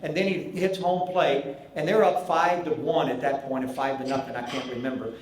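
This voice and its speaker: A man in his sixties from North Carolina with a Southern accent, telling folksy, animated stories as a banquet keynote speaker. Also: medium pitch, fairly quick, slight background noise. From Charlotte, North Carolina. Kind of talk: after-dinner storytelling speech. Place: large banquet hall. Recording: echoey banquet hall with faint ambience.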